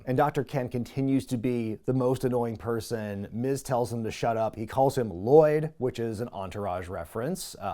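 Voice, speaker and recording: A man's voice: medium pitch, a little mellow. Chatty sarcastic man recapping wrestling. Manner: chatty and sarcastic, with frequent fillers. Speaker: wrestling review show host. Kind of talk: casual recap commentary.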